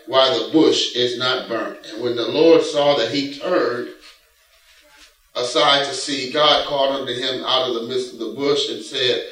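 A man delivers a sermon at an unhurried pace, folksy and returning again and again to one phrase. He is heard from a distance in a very echoey church, with faint music underneath. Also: medium pitch, a bit bright. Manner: folksy preaching, repeats a catchphrase, reads scripture aloud. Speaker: pastor. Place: church sanctuary.

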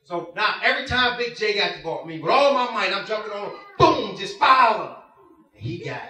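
A man with a high, bright voice preaches, spinning a lively personal story and acting out the people in it. He is picked up from a distance in a roomy church hall, so his voice rings off the walls. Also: fast. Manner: animated storytelling, acts out voices, laughs often. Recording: roomy hall heard from afar.

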